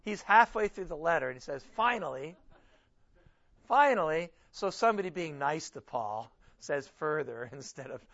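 Male pastor, informal lecture-style sermon, stresses key words, somewhat higher voice, dull lo-fi recording. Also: lively intonation, moderate pace, creaky, fairly bright tone. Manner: informal, self-correcting, reads scripture aloud with emphasis. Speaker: pastor teaching a Bible study. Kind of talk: conversational sermon.

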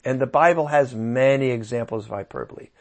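A man teaching a Bible interpretation class, tired and talking slowly, asking his listeners rhetorical questions. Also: mid-range voice, darkish tone. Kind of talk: lecture.

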